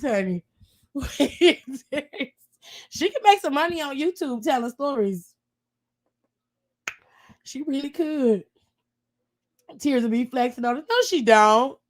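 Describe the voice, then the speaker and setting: A woman's voice: high voice, lively intonation, a little slow, pauses often. A woman co-hosting a podcast in casual chat, telling stories animatedly, laughing often and swearing freely. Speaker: podcast co-host.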